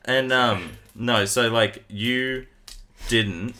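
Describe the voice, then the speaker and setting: A man's voice: medium pitch, extremely slow, pushed and bright. A young man co-hosting a casual podcast, wry and egging his friends on. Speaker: podcast co-host. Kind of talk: casual banter among friends.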